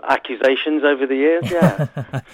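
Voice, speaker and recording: A man's voice: medium pitch, normal speed. A middle-aged man from England, a musician guest telling self-mocking anecdotes in a casual interview. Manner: chatty storyteller, self-mocking. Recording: tinny phone line.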